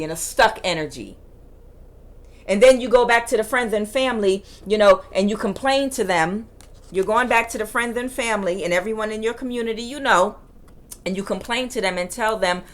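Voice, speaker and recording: A woman reading tarot cards in a forceful, emphatic way that can sound like yelling, repeating her phrases for emphasis. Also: mid-range voice. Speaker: tarot reader.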